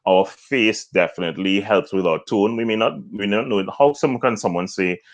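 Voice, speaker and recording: A man from Trinidad speaks with a very low, deep voice as an interview guest. He explains things patiently and step by step, like a voice coach teaching a lesson. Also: moderate pace. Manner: explanatory, demonstrates points with acted examples.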